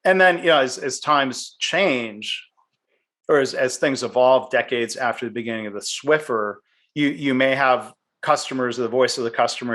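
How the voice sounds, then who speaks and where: A man's voice: mid-range voice, moderate pace, a bit bright. A middle-aged man hosting a podcast interview, chatty and easygoing, often restarting his words and laughing lightly. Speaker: podcast host. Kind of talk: conversational interview.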